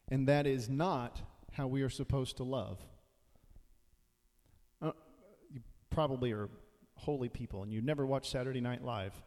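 A man with a mellow, mid-pitched voice preaches a sermon. He talks in a conversational way and now and then acts out the voices he quotes. His words ring out with a long reverb in a large hall. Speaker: pastor.

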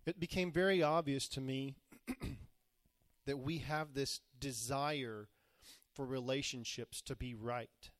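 A man's voice: mid-range voice, steady tone, slow, a bit bright, no echo. A man preaching a sermon, retelling scripture in plain, modern words and acting out the quoted voices. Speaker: pastor.

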